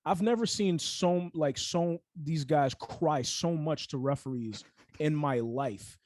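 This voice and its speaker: A man's voice: a little high, slow, darkish tone, no echo. A young man co-hosting a casual sports podcast, ranting heatedly with lots of fillers and restarts.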